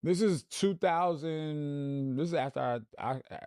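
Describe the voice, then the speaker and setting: A man in his forties from New Jersey, a radio personality telling relaxed stories as a podcast guest, with many fillers. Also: on the high side, unhurried, smooth, no echo, studio quality. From Plainfield, New Jersey. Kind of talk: casual podcast interview.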